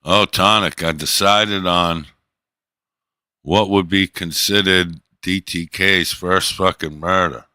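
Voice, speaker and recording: A man's voice: sits low, steady tone, slow pace, pushed and bright, no echo, studio quality. A middle-aged man hosting a livestream, talking in a crude, boastful and teasing way. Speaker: livestream host. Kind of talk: casual livestream chat.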